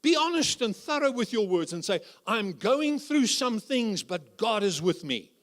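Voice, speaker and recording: A man's voice: high voice, very animated, a little slow, a bit bright. A man preaching as a guest speaker at a church conference, humorous and full of rhetorical questions. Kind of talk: conference sermon.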